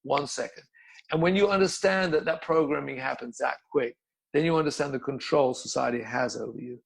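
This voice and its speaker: A man's voice: mid-range voice, fairly quick, vocal fry, slightly rough, poor audio. An older man, a yoga teacher, telling stories bluntly in a casual interview, swearing and repeating words.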